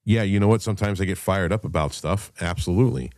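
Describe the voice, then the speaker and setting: Male podcast host, middle-aged, very low dark voice, dry close sound, swears freely while ranting. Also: fast, no echo. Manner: profane, heated storytelling. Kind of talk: casual monologue.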